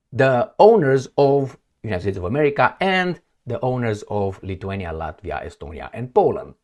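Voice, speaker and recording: A man from Eastern Europe, a non-native English speaker, giving a heated, sarcastic political monologue while pointing at a map. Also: medium pitch. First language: Romanian. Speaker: political commentator. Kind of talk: opinionated monologue.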